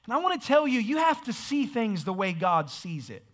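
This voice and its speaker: A man preaching a sermon with energy, often repeating words as he restarts and building up to shouts. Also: high voice, very animated, moderate pace. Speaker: pastor.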